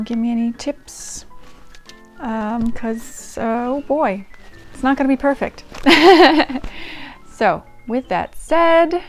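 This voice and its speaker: A woman hosting a diary-reading channel, talking casually to her audience in a chatty, self-deprecating way with frequent ums and restarts. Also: on the high side. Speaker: channel host reading old diaries. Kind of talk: casual chat to camera.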